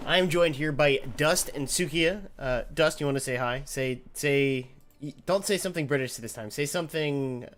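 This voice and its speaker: A man's voice: medium pitch, a bit bright. A man casting a card game tournament, chatty and joking, who stops to correct himself. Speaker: tournament caster. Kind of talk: casual esports commentary.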